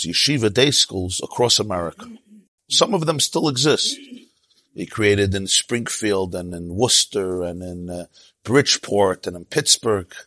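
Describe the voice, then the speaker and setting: A man giving a sermon as a rabbi, telling an animated story with quoted voices and Yiddish and Hebrew terms mixed in. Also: lowish voice, slightly rough, dry recording. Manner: animated, tells stories with quoted voices and asides.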